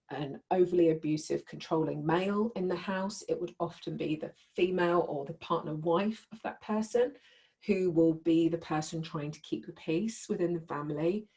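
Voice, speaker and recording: A woman's voice: on the low side, dark tone. A woman teaching a live group in a conversational way, often checking in with her listeners. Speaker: workshop leader.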